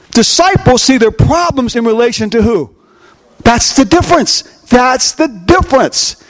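A pastor preaching a sermon, asking his listeners questions and repeating key phrases. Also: extremely high pitch. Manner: asks the crowd rhetorical questions, heavy repetition. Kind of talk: sermon, discipleship teaching.

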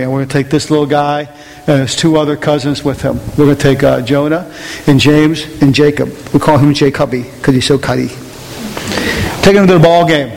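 A middle-aged man preaching a sermon in a casual, emphatic way, repeating himself to drive points home. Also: a little high. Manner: emphatic, repetitive, conversational preaching. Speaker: pastor. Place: church sanctuary. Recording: reverberant church hall, faint noise.

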